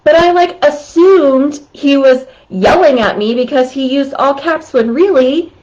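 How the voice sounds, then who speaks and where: A chatty woman gives tips in a high, unhurried voice. She laughs a lot and keeps checking in with "right?". The sound is a bit dull and lo-fi. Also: darkish tone. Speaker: host. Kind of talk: casual talk giving communication tips.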